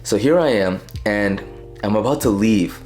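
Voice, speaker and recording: A man's voice: on the low side, unhurried, darkish tone. A young man telling a personal dating story in a casual, emphatic way and giving direct advice to his viewers. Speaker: self-improvement vlogger. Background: faint guitar music.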